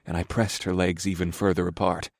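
A man narrating a story in the first person in a calm, steady, soft-spoken way. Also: deep voice, brisk, dry recording, clean studio sound.

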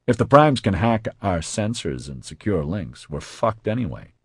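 A man's voice: fairly low pitch, sing-song, normal speed, husky, no echo, full character voice. A man voicing a cool, cold-hearted female medic with an offhand manner.

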